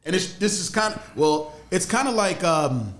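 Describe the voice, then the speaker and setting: A man hosting a casual podcast, asking questions and jumping in with quick, enthusiastic remarks. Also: high voice, animated, fairly bright tone.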